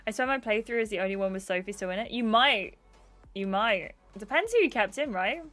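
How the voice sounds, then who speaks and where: A woman's voice: mid-range voice, lively intonation, a little fast, fairly bright tone, faint music behind. A woman streaming a game, chatting and giggling as she reads the game text aloud. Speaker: gaming streamer. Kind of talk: livestream game playthrough, reading aloud.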